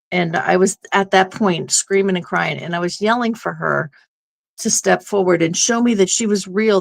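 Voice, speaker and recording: A woman's voice: on the low side, gravelly. A woman guest on an interview show, telling a personal story in an earnest, rambling way. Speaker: guest medium.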